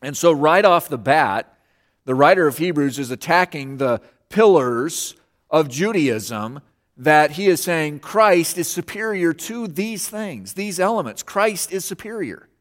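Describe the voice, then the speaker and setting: A man's voice: on the high side, animated, measured pace. A man preaching a sermon as pastor, earnest and emphatic, repeating key phrases for weight. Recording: long hall reverb.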